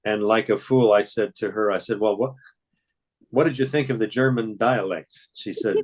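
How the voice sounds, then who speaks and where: A man's voice: lowish voice, moderate pace, rough recording. An older man, a voice actor, telling stories in a rambling, hesitant way during a casual interview. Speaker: voice actor guest.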